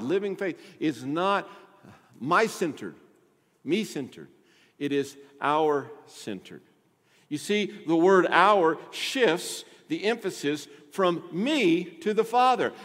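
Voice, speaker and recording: A man preaching a sermon as pastor, swinging between loud emphasis and hushed asides. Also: fairly high pitch, long reverb tail.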